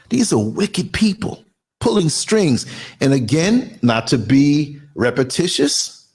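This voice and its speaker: A man's voice: a little high, very animated, takes it slowly, darkish tone, slightly rough. A man, ranting in a heated, emphatic opinion monologue with mocking asides. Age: 60s. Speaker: commentary channel host.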